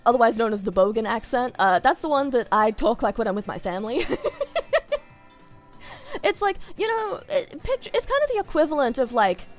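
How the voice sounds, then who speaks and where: A woman with an Australian accent chatting casually on a stream, giggling often and rambling off on tangents. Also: on the high side.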